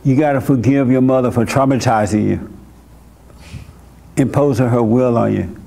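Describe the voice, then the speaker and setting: Guy running a church session, mellow warm voice, keeps firing short questions at the caller, blunt and insistent. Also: mid-range voice, fairly even intonation, normal speed, creaky. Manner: direct and insistent, repeats words for emphasis; asks short pointed questions. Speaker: church host counseling a young caller. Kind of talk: blunt counseling conversation.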